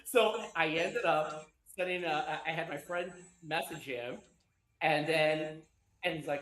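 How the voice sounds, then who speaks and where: Man, somewhat high voice, animated rambling storyteller, roomy echo. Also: measured pace. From Chicago. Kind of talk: casual chat.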